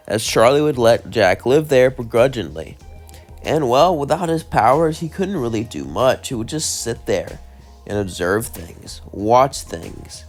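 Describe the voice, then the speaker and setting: A man's voice: mid-range voice, a little mellow. A man narrating a fan-made what-if story in a casual, rambling way, stringing clauses loosely together.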